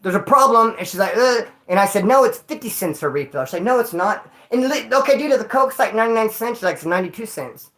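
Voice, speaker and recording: A man's voice: high voice, expressive, quick pace, few pauses, poor audio. Rambling, slangy man telling a story. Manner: rambling, slangy, swears freely; jumps between loud bursts and mutters. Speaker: livestreamer. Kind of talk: casual storytelling to a live chat.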